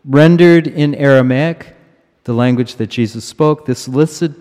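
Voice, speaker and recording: A middle-aged man preaching a sermon in a church, slow and measured, repeating key words for emphasis. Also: medium pitch, a little mellow. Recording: long reverb of a large church.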